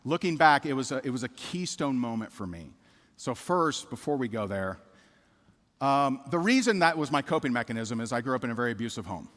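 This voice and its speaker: Speaking a little fast, this middle-aged keynote speaker has a mid-range, fairly bright voice with big pitch swings. In a reverberant hall he gives a motivational speech, recounting a personal story with candid repetition and putting questions to the audience.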